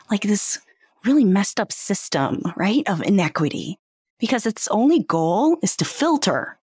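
Lively, slow-talking woman podcast host. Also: mid-range voice, no echo, clean studio sound. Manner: earnest, conversational, with rhetorical questions and playful asides. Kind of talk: reflective podcast monologue.

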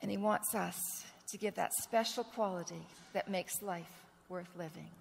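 A woman pastor preaching a sermon with earnest storytelling, clearing a rough throat now and then. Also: lowish voice, unhurried, a little hiss or hum. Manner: earnest storytelling, acts out quoted dialogue. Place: church sanctuary. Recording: long reverb of a church sanctuary.

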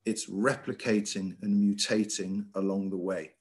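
Middle-aged headmaster, lively slide lecture over a video call, low voice. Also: male voice, measured pace. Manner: lively, emphatic, with frequent ums and uhs. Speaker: school headmaster giving a talk.

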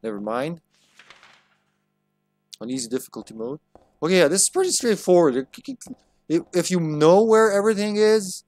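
A man's voice: fairly high pitch, no room sound. A man giving live gameplay commentary as a streamer, joking crudely and talking back to the game.

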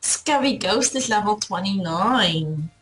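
A woman's voice: mid-range voice, lively intonation, takes it slowly, fairly bright tone, soft background music, low-quality recording. A woman chatting during a video game playthrough, teasing her friend with dry sarcasm. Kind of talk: casual gaming chat.

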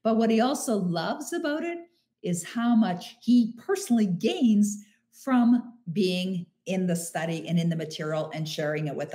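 Emphatic woman hosting a live stream. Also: medium pitch. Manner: warm, emphatic, slows down on key phrases. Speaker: podcast host answering listener questions. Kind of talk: live-stream motivational talk.

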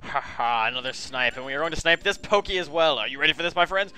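A man's voice: a little high, expressive, fast talker, sharp tone, faint music behind. A man giving chatty video game commentary, often calling viewers his friends and apologizing for what he says. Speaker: let's play host.

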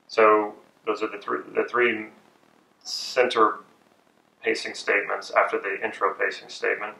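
A man teaching persuasion techniques in a measured, deliberate way with pauses. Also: lowish voice, little pitch movement, vocal fry, bright, forceful tone. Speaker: persuasion and hypnosis instructor. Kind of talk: instructional talk. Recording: echoey room, distant from mic.

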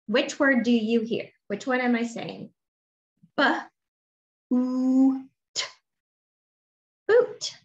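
A woman teaching a phonics lesson to young children, sounding out letters slowly and encouraging them to answer. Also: on the high side, fairly even intonation. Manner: slow, drawn-out sounding of letters and words; encouraging, asks questions and waits. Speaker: kindergarten teacher. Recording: dull lo-fi audio with faint noise.

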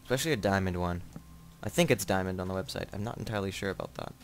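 Young male gamer, slightly low voice, rambling joking commentary, startles easily. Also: very fast. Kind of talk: casual let's play commentary.

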